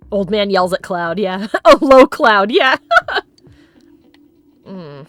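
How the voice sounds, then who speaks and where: A woman gamer talking casually over her gameplay, chatty and quick to laugh. Her pitch sits in the middle but jumps around a lot. She swears freely when something bugs her. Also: animated, a bit bright, faint music behind. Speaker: let's play gamer.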